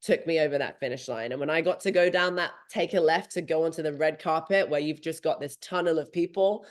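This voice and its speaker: Animated woman telling a race story. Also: sits low, fairly quick. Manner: animated, swearing freely, acting out her own thoughts. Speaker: podcast host. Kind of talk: casual storytelling chat.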